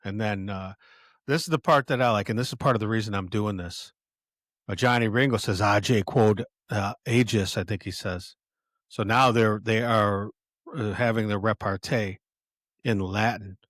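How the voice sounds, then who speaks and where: A male podcast host casually retelling a film scene in a halting, self-correcting way, with lots of fillers. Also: lowish voice, a bit bright, no room sound, clean studio sound. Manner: chatty and conversational.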